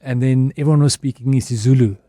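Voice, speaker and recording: A man's voice: medium pitch, steady tone, fast, warm tone, dry recording, studio quality. A man speaking as a guest on a radio interview, talking in a reflective, candid way and often restarting his phrases. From South Africa. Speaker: guest, advertising executive. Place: radio studio. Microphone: studio microphone.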